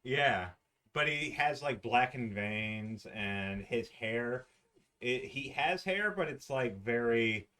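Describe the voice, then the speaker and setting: Halting, casual man running a tabletop game. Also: medium pitch, animated, bright, forceful tone. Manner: halting, restarts often, casual slang. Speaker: dungeon master. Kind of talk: describing scenes in a tabletop game.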